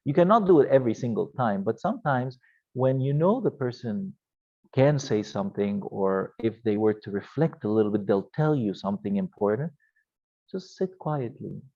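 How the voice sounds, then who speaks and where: A man lecturing a youth ministry class in a gentle, halting way, often restarting his sentences. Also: lowish voice, lively intonation, lo-fi sound.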